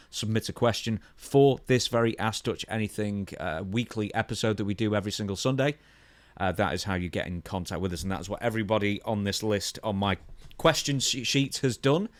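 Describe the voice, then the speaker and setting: British guy hosting a podcast, lowish voice, dry close mic. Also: no room sound. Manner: brisk, reads listener questions aloud. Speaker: podcast host.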